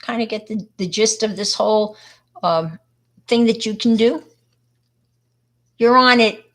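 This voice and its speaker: Woman, from Long Island, unhurried pace, chatty and rambling, live art demo. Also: a little high. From Long Island, New York. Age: older. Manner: chatty, rambling, talks to viewers as she works. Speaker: art presenter on a live stream. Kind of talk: casual live-stream demo and storytelling.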